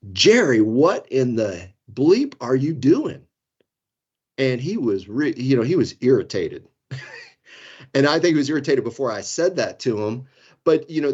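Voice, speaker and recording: Lo-fi rambling storyteller man in his fifties. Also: medium pitch. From Florida Keys, United States. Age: 50s. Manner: rambling, self-deprecating, chuckles through stories. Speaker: guest, safety consultant. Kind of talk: casual podcast storytelling. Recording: dull lo-fi sound.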